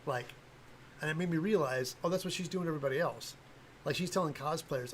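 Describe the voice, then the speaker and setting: A man's voice: fairly high pitch, fast talker, fairly bright tone, a little hiss or hum, rough recording. An older man talking casually on a livestream, blunt and rambling, with lots of fillers and restarts. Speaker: livestream host, cosplay prop maker.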